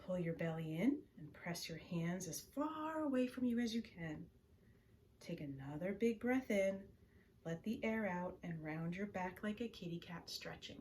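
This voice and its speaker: A woman librarian reads bedtime stories and leads a calming stretch for children. Her voice is gentle and soothing, sits somewhat low, and often sinks into soft whispers. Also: normal speed, a little hiss or hum. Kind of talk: bedtime story time and breathing exercise.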